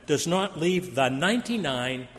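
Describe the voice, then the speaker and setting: A man preaching a sermon, telling stories in an animated storytelling manner. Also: measured pace. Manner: storytelling with wide pitch swings. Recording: long hall reverb.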